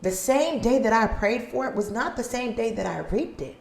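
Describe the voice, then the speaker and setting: Female podcast host, earnest motivational delivery, slightly high pitch, recorded at home in a roomy living room. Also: animated, normal speed, vocal fry. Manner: earnest, preachy, acts out little scenes. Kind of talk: motivational talk. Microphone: studio mic.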